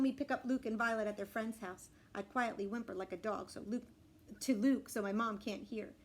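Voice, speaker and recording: A woman reading a children's book aloud in an expressive, animated way. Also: a little high. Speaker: storybook reader.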